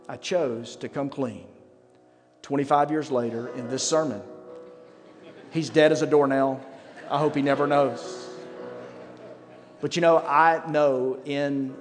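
A middle-aged pastor delivers a sermon in a conversational, self-mocking way, leaning on dramatic pauses. His voice sits in an ordinary middle pitch and rings out through a long church-hall reverb, with soft instrumental music underneath. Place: church sanctuary.

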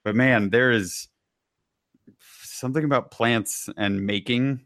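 A man from Kansas co-hosting a podcast, chatting casually in a jokey, rambling way and quick to laugh. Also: medium pitch, a bit bright, no echo, clean studio sound. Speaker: podcast co-host. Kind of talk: casual chat.

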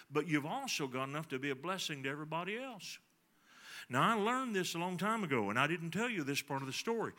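A man's voice: a little high, very animated, a little fast, pushed and bright. A middle-aged man, preaching a sermon in a folksy storytelling way and talking to the congregation. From Texas. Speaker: pastor.

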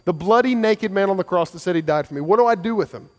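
A man's voice: high voice, expressive, quick pace, a little mellow, in a large hall. A man preaching a sermon as pastor, earnest and conversational, with frequent restarts and repeated phrases.

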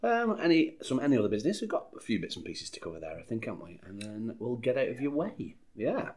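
A man's voice: medium pitch, big pitch swings, quick pace, a little mellow, husky. A man co-hosting a podcast in a bar, chatting casually and hesitantly with many fillers and restarts. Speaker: podcast co-host. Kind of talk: casual chat. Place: bar in San Diego.

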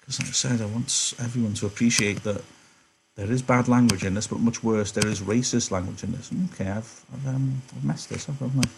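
A man's voice: medium pitch, fairly even intonation, a little fast, creaky, background noise. A male teacher explaining a novel to a class in a chatty way, with apologetic asides and self-corrections.

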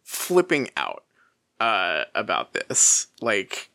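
An animated podcast co-host who swings up and down in pitch while chatting about a book. The speech is full of laughs, fillers and restarts, recorded dry and close with no room sound. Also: very slow, no echo. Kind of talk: casual book discussion.

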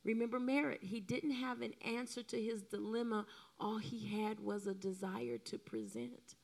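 A middle-aged woman co-preaching a sermon in an animated, emotional way, often acting out the lines she quotes. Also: fairly high pitch, moderate pace, gravelly. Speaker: co-pastor.

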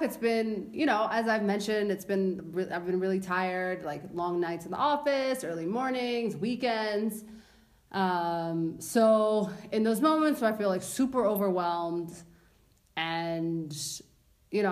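A woman's voice: mid-range voice, expressive, a little slow. A young woman co-hosting a podcast in casual chat, playful, laughing often and drawing out repeated words. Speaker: podcast co-host.

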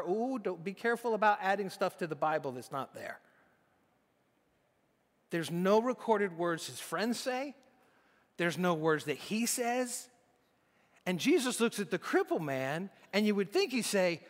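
A man's voice: high-pitched, animated, a little slow, pauses often, fairly bright tone, long reverb tail. A man preaching a sermon in a conversational way, often restarting his sentences. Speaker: pastor.

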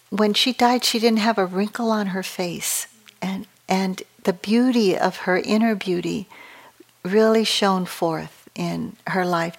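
A woman meditation teacher gives a dharma talk at a retreat, her voice sitting a little low. She speaks slowly and calmly, with a measured and reflective delivery.

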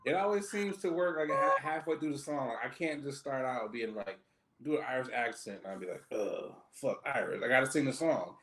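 A man's voice: mid-range voice, heavy background noise. A man co-hosting a podcast, joking loosely in casual banter and stretching his words out. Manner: loose, joking, drawn-out delivery. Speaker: podcast co-host. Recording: echoey room.

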